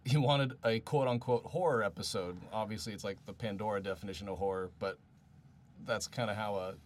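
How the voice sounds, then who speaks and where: A man's voice: lowish voice, brisk, slight background noise. An American man, a director, chatting eagerly and at length in a commentary. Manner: eager, talkative. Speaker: episode director and co-writer. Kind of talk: casual commentary chat.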